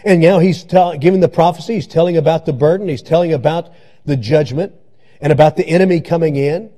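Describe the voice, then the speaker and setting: A man delivers a church sermon in a fairly high register. His tone is mellow rather than bright, and he preaches with emphatic repetition, circling back to the same phrases to press them home. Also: fairly quick. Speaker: pastor. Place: church sanctuary.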